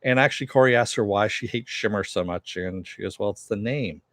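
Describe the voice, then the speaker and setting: A man's voice: on the low side, fairly quick, a bit bright, no room sound. Rambling man recapping a TV episode. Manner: loose and rambling, many fillers, mild swearing. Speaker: TV episode reviewer. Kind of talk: casual recap with paraphrased quotes.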